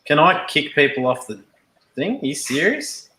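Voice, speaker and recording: A man's voice: fairly high pitch, big pitch swings, normal speed, sharp tone, roomy sound, poor audio. A man with an Australian accent chatting enthusiastically on a livestream with friends, laughing often. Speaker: livestream co-host. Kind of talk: casual group chat on a livestream.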